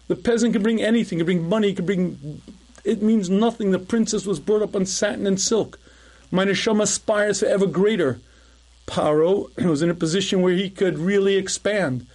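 A middle-aged man, a rabbi, giving a recorded lecture in a conversational storytelling way, often clearing his throat. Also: high-pitched, darkish tone.

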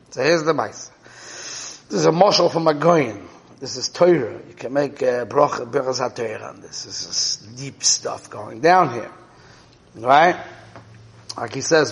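A man's voice: medium pitch, animated, moderate pace. A man teaching a Torah class and explaining a parable, checking in with his listeners with "right?" and "okay?". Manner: checks in with listeners, 'right?' and 'okay?'. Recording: reverberant hall.

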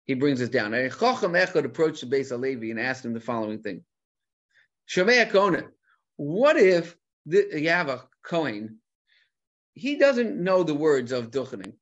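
A man giving an animated Talmud lecture, mixing Hebrew terms into English and asking rhetorical questions. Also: fairly high pitch, moderate pace, muffled recording. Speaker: Torah teacher.

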